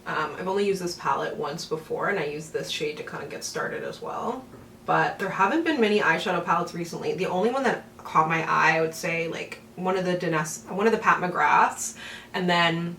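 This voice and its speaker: A woman's voice: fairly low pitch, sharp tone, far from the mic. A chatty woman talks through her makeup routine, rambling with little laughs and fillers. She sits back from the camera mic in an echoey room at home. A faint hum of the room stays under her voice. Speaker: beauty vlogger. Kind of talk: get-ready-with-me makeup chat.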